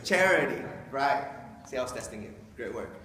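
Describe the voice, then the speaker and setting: A man's voice: mid-range voice, lively intonation, moderate pace, sharp tone, a little hiss or hum. Joking man speaking in an echoey hall. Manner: joking, conversational, acts out quoted voices. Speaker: speaker explaining Islam to an audience. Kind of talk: informal talk to a live audience. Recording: echoey hall from a distant mic.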